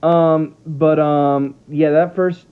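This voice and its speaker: A man giving casual, animated football commentary from home, rambling and tripping over his words. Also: a little high, slow, smooth. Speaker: sports vlogger. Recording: tinny phone-like sound.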